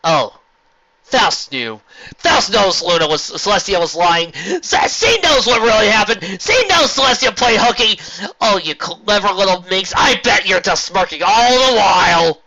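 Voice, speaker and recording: A man's voice: sing-song, moderate pace, a crowd in the background. Man voicing a queen mother pony, lo-fi. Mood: gleeful. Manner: gentle scolding, raised pitch. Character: caring queen mother pony, warm but firm. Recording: lo-fi home recording.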